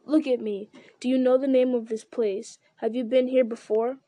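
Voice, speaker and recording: A woman's voice: a little high, fairly even intonation, no room sound, lo-fi sound, close to an everyday voice. A woman reading a grave noble captain. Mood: stern. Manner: measured, formal and grave. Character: stern noble male captain, calm and just.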